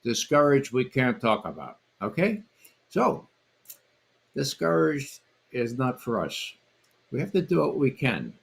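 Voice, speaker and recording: A man's voice: mid-range voice, wildly swooping pitch, measured pace, gravelly, long pauses. An older man speaking as a guest panelist on a livestream, telling a story in an emphatic way and repeating his words.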